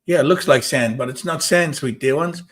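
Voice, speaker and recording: A man's voice: on the high side, moderate pace, a bit bright. Emphatic man hosting a spiritual talk show. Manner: emphatic, repetitive, argues with viewers. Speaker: host.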